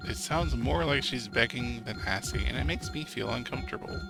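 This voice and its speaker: A man's voice: medium pitch, fairly quick, gravelly, over music. A man streaming a narrative game, reading its text aloud with casual commentary and swearing. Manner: swears and laughs while reacting.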